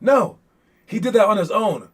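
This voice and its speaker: High-voiced man giving a rambling pep talk. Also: expressive, moderate pace, slightly rough. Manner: rambling, full of fillers and restarts. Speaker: basketball coach giving a motivational talk. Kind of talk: casual motivational monologue.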